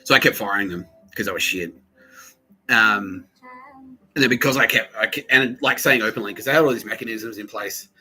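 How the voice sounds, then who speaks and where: A man hosts a podcast in casual monologue, swearing freely as the story tumbles out. His voice sits fairly low, yet the tone is very bright and tense. Delivery is animated and rambling. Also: fairly quick, faint music behind, rough recording. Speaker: podcast host.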